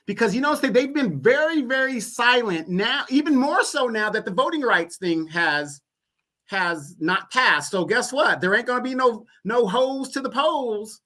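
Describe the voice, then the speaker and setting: A man's voice: very high voice, lively intonation, a little slow, sharp tone. A man appearing as a podcast guest, talking politics in a laid-back, conversational way. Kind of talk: casual political chat.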